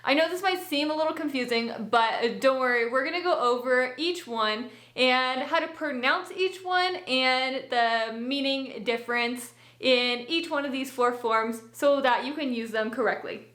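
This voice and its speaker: A woman teaches a language lesson, taking each point slowly and reassuringly. Her voice sits high, and the room around her rings with noticeable echo. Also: fairly bright tone. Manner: patient, reassuring, step-by-step explaining.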